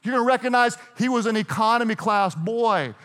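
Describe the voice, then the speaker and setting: A middle-aged man preaching a sermon, telling stories in an animated way, restarting and repeating himself. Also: very high voice, fairly quick. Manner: storytelling, animated, self-interrupting with repeated restarts. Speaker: pastor. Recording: hall reverb.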